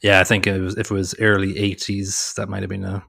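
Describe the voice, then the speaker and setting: Low gravelly man chatting about movies. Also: monotone, fairly quick, sharp tone. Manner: rambling, hesitant, many restarts. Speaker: podcast co-host. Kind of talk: casual movie podcast chat.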